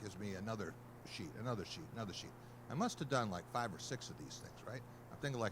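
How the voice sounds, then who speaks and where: A man's voice: fairly low pitch, animated, fast talker, noisy background. A male sportswriter on a panel, telling a wry anecdote and acting out the people in it. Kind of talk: panel talk, storytelling.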